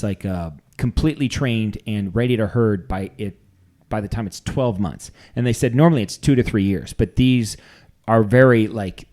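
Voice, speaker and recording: A man co-hosting a podcast in casual comedic chat, rambling with deadpan, self-mocking jokes. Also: on the low side. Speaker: podcast co-host.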